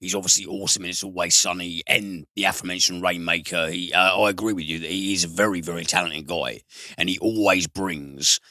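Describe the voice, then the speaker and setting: A man co-hosting a film podcast, talking with enthusiasm and drawn-out emphasis. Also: sits low, fairly even intonation, bright, forceful tone, no room sound. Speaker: podcast co-host. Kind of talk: casual film chat.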